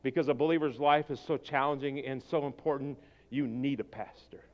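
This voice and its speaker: A man preaching a sermon as pastor, swinging from quiet, intense passages to shouted exhortation. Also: mid-range voice, fairly even intonation, fairly quick, lo-fi sound. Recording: long hall reverb.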